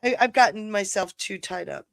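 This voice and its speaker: A woman's voice: mid-range voice, moderate pace, no room sound. A woman co-hosting a live stream, chatting casually in a rambling, self-deprecating way and laughing easily. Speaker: co-host of a live stream show. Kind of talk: casual chat.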